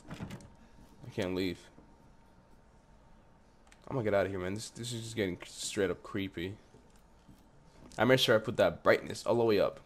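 Wearing headphones and speaking into a desk mic, a man plays a horror game and keeps up loose, profane commentary. His voice is fairly low, with slight background noise, and he jumps at the scares and talks back to what's on screen.

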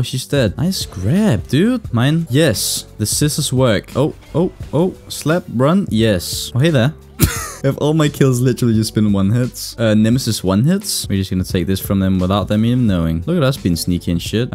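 A young man giving live gameplay commentary, excitable and swearing as he reacts to the game. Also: lowish voice. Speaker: gaming YouTuber.

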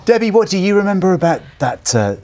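A man's voice: high-pitched, very animated, quick pace, crowd noise. Affable male morning TV presenter. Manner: affable, steering the chat. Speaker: breakfast TV presenter. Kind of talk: live TV presenting.

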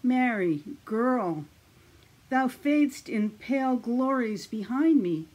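A woman's voice: fairly high pitch, animated, slow pace, darkish tone, pitched above the performer's own voice. A woman reading a loyal first mate's anxious soliloquy in an earnest audiobook delivery. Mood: dread.

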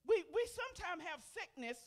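A woman's voice: very high voice, sing-song, fairly quick. Folksy older woman preaching testimony. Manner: folksy, calls out to the congregation; swings between loud emphatic bursts and soft murmurs. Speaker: pastor. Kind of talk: testimony sermon. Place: church sanctuary.

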